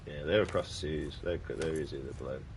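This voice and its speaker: A young British man with a very deep voice, swearing and ranting casually while chatting to viewers on a stream. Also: steady tone, a little fast, a little hiss or hum. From United Kingdom. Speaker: gaming streamer. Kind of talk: casual livestream chat.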